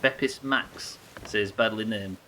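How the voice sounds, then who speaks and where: A man's voice: fairly low pitch, slow pace, background noise. A young man streaming a game live, teasing his chat with sarcastic, sweary banter. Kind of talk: live gameplay commentary and chat reading.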